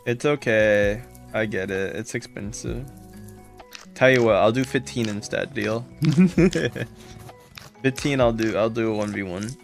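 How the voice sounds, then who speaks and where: A man's voice: fairly low pitch, steady tone, moderate pace, gravelly, soft background music. A man streaming a game live, chatting casually and greeting viewers by name with repeated thanks.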